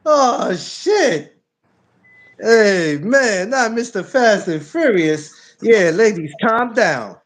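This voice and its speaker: A man hosts a casual podcast, his voice sitting high for a man. He jokes loudly and hammers his lines home by repeating them. The talk is loose, teasing banter. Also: animated, takes it slowly. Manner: loud, joking, repeats himself. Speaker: podcast host.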